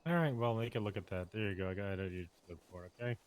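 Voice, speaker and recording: A man in casual role-play chat, blunt and brisk. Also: fairly low pitch, slight background noise.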